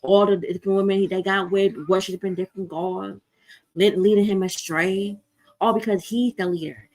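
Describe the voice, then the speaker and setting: A woman's voice: medium pitch, steady tone, darkish tone, low-quality recording. A woman hosting a casual livestream, talking bluntly and profanely, reading viewer comments aloud and answering them, often restarting her sentences. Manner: blunt, profane, fast rants with repeated restarts. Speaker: livestream host. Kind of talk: casual unscripted livestream talk. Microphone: computer mic on a livestream.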